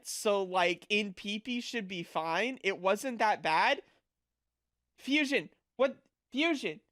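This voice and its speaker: A man's voice: high-pitched, fairly bright tone. A young man streaming as a VTuber, chatting casually with viewers in a rambling, crude, flustered way full of fillers.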